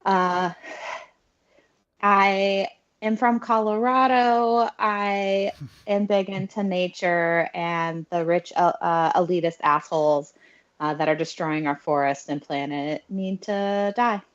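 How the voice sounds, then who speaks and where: A woman voicing an eco-radical young woman who wants to eat the rich, deadpan and hesitant, in a tabletop game. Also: mid-range voice, slow, muffled recording, close to an everyday voice. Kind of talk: tabletop role-play.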